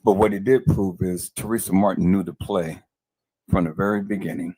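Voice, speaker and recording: Livestream host, male, very low and husky, venting fury at his audience, dry close mic. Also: steady tone, normal speed, mellow, no room sound. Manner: furious, repeats himself, addresses viewers as peoples. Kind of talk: angry livestream commentary.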